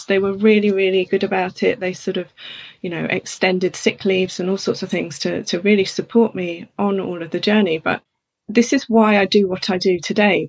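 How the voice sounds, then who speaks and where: Woman, interview guest, candid and chatty, husky, creaky. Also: mid-range voice. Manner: open, chatty, laughs while telling hard things.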